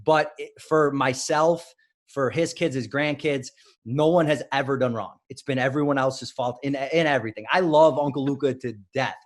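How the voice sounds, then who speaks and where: A man's voice: medium pitch, fairly even intonation, moderate pace. Man telling stories in a casual interview. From Illinois, United States. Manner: rambling, self-correcting storyteller. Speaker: wrestling coach, podcast guest.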